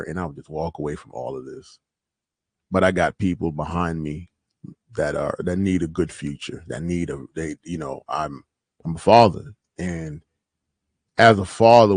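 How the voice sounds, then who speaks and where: A man hosting a podcast, reacting to clips in casual, reflective commentary that often trails off quietly. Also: sits low, lively intonation, moderate pace, no room sound.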